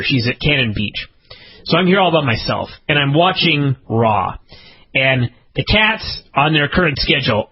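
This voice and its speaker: A man co-hosting a podcast, telling a casual, profane story and jumping into high-pitched outbursts. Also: breathy edge. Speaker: podcast co-host. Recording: dull lo-fi podcast audio.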